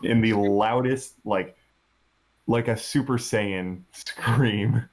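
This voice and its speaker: A man's voice: on the low side, slow. A man playing a tabletop game over a voice call, describing his character's action hesitantly with many fillers. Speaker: player. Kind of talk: casual tabletop play. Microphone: computer mic on a voice call.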